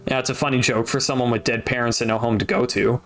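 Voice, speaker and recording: A man reading a novel aloud on a stream, steady narration broken by wry asides. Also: mid-range voice, fast talker. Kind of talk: casual audiobook reading with asides.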